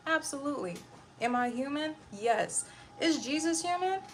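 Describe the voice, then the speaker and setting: Irritable young woman streamer with a gravelly voice. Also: high voice, lively intonation, normal speed, faint music behind. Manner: irritable, blunt, rambling. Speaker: livestreamer. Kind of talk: casual livestream chat.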